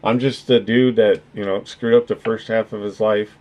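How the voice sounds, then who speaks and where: A man's voice: on the low side, fairly even intonation, normal speed, a little mellow. A man chatting casually on his livestream, rambling and earnest, swearing freely as he thanks his viewers. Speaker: streamer.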